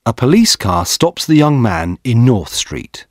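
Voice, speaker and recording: Slow, husky-voiced male narrator. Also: medium pitch, big pitch swings, a little mellow, dry recording, studio quality. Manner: slow, clear reading for learners. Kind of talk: scripted narration of a graded reader.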